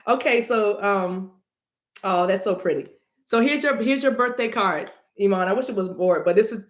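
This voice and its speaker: A woman's voice: mid-range voice, a bit bright, echoey room. A woman reading cards on a livestream, talking casually and playfully to her viewers and breaking into song now and then. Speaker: livestream card reader.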